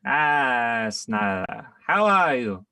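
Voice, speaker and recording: Man voicing a gravelly old dwarf, slow, lively swoops, off-mic and dry, tabletop game. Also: mid-range voice, no echo, far from the mic, heavily acted. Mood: gruff. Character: old male dwarf villager, grumpy but friendly.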